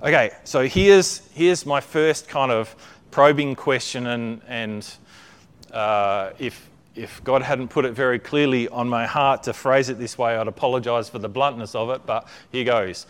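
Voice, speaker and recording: Smooth-voiced preacher, conversational. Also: male voice, medium pitch, unhurried. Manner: chatty, checks in with listeners often; repeats words while building a point. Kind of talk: conversational sermon.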